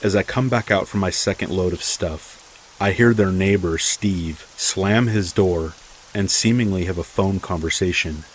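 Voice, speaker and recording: Brief: low-voiced male horror narrator, steady and measured, faint rain hiss in the background. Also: poor audio. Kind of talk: scripted first-person horror narration.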